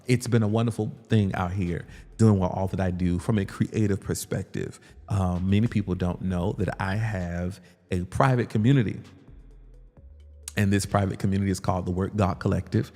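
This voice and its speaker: A man hosting a casual live stream, greeting the chat and talking about his ministry and business in relaxed slang. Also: deep voice, vocal fry, in a large hall. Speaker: livestream host, ministry leader.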